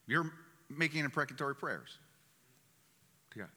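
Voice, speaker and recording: Emphatic, bright-voiced male preacher. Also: a little high, expressive, measured pace, breathy edge. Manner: emphatic, repeats key phrases. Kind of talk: sermon. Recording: echoey hall.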